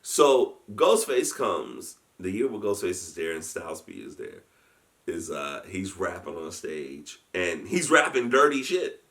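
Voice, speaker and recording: A man telling a story in a casual chat. He is animated, often laughs and restarts his sentences. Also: low-pitched, unhurried. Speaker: guest storyteller, convention founder.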